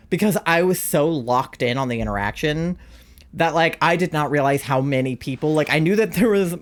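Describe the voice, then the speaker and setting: A young adult live streamer telling a story to chat in a casual way, using "like" a lot and laughing often. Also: mid-range voice. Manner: chatty, heavy use of "like", frequent laughter.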